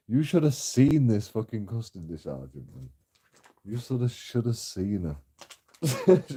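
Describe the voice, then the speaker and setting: A man's voice: mid-range voice, warm tone. Sweary laughing man ranting. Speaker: vlogger. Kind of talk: casual ranting monologue.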